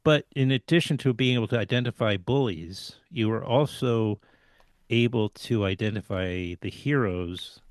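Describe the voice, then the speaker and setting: A man interviewing a guest, phrasing his questions haltingly with many fillers and restarts. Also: lowish voice, a little mellow, dry recording.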